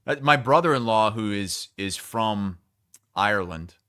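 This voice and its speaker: A man co-hosting a sports podcast, chatting casually, teasing his co-host and asking quick questions. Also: on the low side, lively intonation, sharp tone, smooth, no echo, studio quality.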